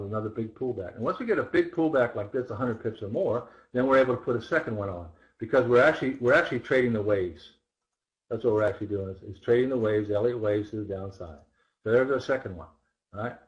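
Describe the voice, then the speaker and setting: Animated man teaching a trading seminar. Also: fairly low pitch, lo-fi sound. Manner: animated, rhetorical questions, repeats phrases. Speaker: trading instructor. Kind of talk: live seminar chart walkthrough.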